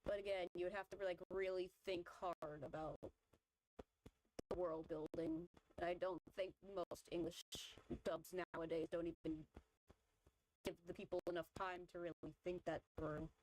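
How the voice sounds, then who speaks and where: A woman's voice: on the low side, fairly even intonation, moderate pace, a little mellow, slight background noise, poor audio. Chatty woman rambling her opinions. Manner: rambling, filler-heavy opinion talk. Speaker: vtuber streamer. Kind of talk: casual chat while drawing.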